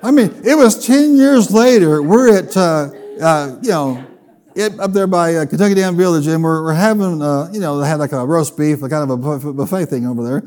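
Storytelling pastor, higher-pitched man. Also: moderate pace, faint music behind. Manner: storytelling with humor, lively and animated. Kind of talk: sermon.

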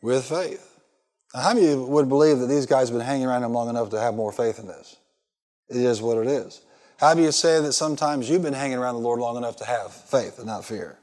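A man's voice: mid-range voice, fast talker, a little mellow. A male pastor preaching a sermon, reading scripture and pressing the congregation with fill-in questions. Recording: long hall reverb.

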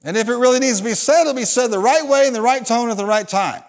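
Very high-pitched and creaky, a fast-talking pastor delivers a church sermon, calling on the congregation to answer back and performing the people in his stories.

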